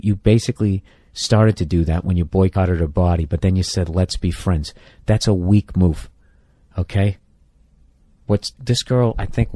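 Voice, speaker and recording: A man with a low, mellow voice rants through relationship advice with blunt, profane exasperation. He talks in a loose, comedic podcast style, and the sound is dry and close. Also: no echo. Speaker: podcast host giving advice. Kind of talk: casual comedic rant.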